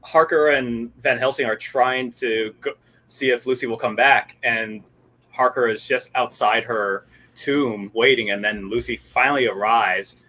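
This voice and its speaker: A man's voice: medium pitch, measured pace. A man who is a guest filmmaker, chatting about a movie, giggling and acting out scenes. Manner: animated, giggly, acts out scenes. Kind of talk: casual movie review chat.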